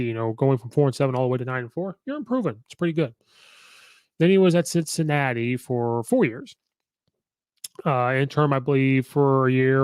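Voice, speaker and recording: A man's voice: mid-range voice, no room sound, studio quality. A man hosting a podcast, giving casual, opinionated sports commentary and rattling off records with many fillers. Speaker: podcast host.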